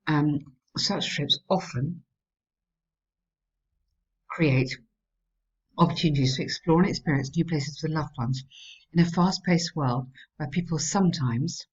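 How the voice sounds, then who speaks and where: A woman's voice: low voice, unhurried, pauses often, slightly rough, muffled recording. A woman tutor giving encouraging feedback on a student's essays, reading passages aloud and praising often. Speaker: English writing tutor.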